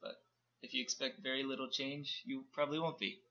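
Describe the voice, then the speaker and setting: A man's voice: mid-range voice, little pitch movement, bright, forceful tone. Dry, wry man on a lo-fi podcast. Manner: dry, wry, quick to tease. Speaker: podcast co-host. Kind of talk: casual joking chat.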